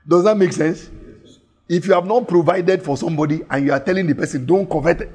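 A man's voice: a little high, quick pace, darkish tone, husky. A man preaching a teaching sermon, repeating key phrases and putting questions to his listeners.

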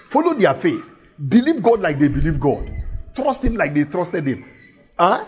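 A man preaching a sermon, reading scripture slowly and emphatically, repeating phrases and asking his listeners questions. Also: on the high side, a little mellow, husky. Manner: reads scripture slowly and deliberately.

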